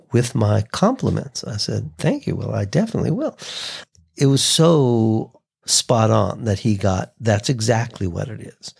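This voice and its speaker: A man hosting a podcast, teaching voice delivery in a relaxed conversational way and acting out short sample reads. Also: medium pitch, vocal fry. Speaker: voice coach and podcast host. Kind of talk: casual instructional talk.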